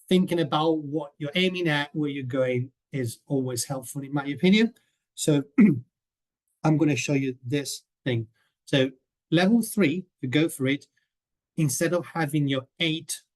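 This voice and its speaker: Guy walking teachers through a coursebook on a video call, chatty, middle-pitched voice. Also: a little mellow. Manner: chatty, keeps checking in with "okay?". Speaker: teacher trainer presenting a coursebook. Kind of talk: webinar presentation.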